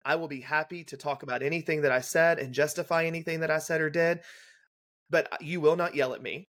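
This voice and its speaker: A young adult man, a guest on a podcast, telling a detailed clinical story in a brisk, casual way and acting out the dialogue. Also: a little high, fairly even intonation, fairly bright tone. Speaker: guest, legal nurse consultant.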